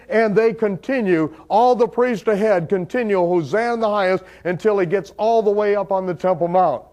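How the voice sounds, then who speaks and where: High-voiced man telling a dramatic sermon story. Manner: vivid retelling that builds in intensity, shouting out quoted cries; loose, conversational phrasing with fillers. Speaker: Bible teacher.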